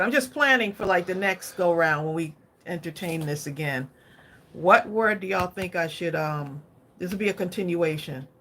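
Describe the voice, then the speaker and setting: A woman's voice: on the low side, fairly bright tone, a little hiss or hum. Picture a woman running a crafting livestream, chatting as she works. She keeps turning to her viewers for their opinions in a loose, easygoing flow. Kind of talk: casual livestream chat while crafting.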